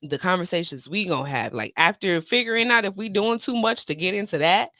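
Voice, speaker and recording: A woman's voice: on the low side, fairly quick, dry recording. A middle-aged woman hosting an open mic show, chatting casually and animatedly with her viewers and her guest. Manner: animated, drawling, talks straight to viewers. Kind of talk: casual chat.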